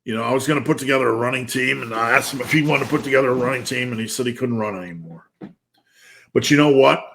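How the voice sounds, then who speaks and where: A man's voice: mid-range voice, fast, gravelly, a bit bright, slight background noise. A man in his fifties giving a blunt, intense motivational rant, swearing heavily. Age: 50s. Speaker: motivational speaker.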